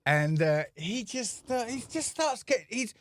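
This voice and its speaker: A man co-hosting a comedy podcast, telling an anecdote in a casual, animated way and acting out the people in it. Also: very high-pitched, measured pace, no echo. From England. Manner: animated, acts out voices in anecdotes. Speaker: podcast co-host.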